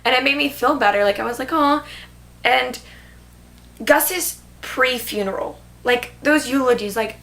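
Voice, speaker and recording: Young woman vlogging, bright tone, kinda high voice, says like a lot, gushing about a movie. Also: moderate pace, gravelly. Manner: gushing, filler-heavy, many "like"s. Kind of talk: casual movie review chat.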